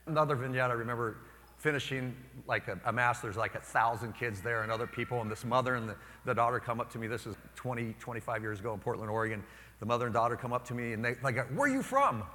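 A priest in his forties preaches a homily and tells personal stories, jumping into lively voices when he quotes people. His tone is bright and forceful. The sound rings with the long reverb of a church. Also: medium pitch, fast talker. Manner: storytelling, animated when quoting others. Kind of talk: sermon.

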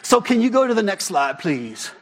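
Faint music plays behind a high-voiced pastor preaching at a normal pace. His sermon feels like a spirited conversation with the congregation, dotted with rhetorical questions.

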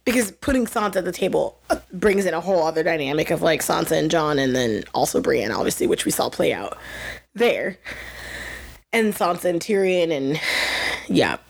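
A young woman co-hosting a podcast, talking casually about a TV episode, excitable and emotional, with lots of "like" fillers. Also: deep voice, moderate pace, gravelly, slight background noise. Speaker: podcast co-host.

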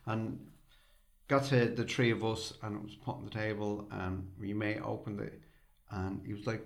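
Male co-host, gravelly, sweary and chatty. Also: on the low side, flat delivery, normal speed. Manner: swearing storyteller. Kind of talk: casual chat.

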